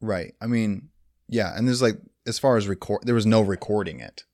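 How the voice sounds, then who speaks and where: A man's voice: lowish voice, normal speed, a little mellow, no echo, studio quality. A man co-hosting a casual movie review chat, enthusiastic and full of "like" and "dude". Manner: enthusiastic, heavy use of "like" and "dude". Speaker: podcast co-host.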